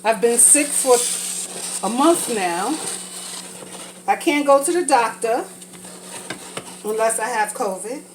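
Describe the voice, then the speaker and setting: A woman's voice: a little high, lively intonation, takes it slowly, pauses often, slight background noise, poor audio. A woman talking casually and frankly while cooking for a vlog, rambling from thought to thought, a little congested from a sinus infection. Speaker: vlogger.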